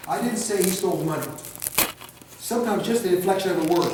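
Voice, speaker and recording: High-voiced man lecturing in an echoey room. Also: fast talker, pauses often, noisy background. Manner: animated, acts out examples in mocking voices. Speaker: de-escalation trainer. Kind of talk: classroom lecture. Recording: echoey room, recorded from far off.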